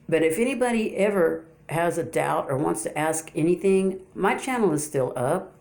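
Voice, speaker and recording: A woman's voice: fairly low pitch, expressive, normal speed, gravelly, darkish tone. Woman YouTuber, unscripted and repetitive, stammers through rhetorical questions to her viewers. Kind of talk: casual unscripted monologue.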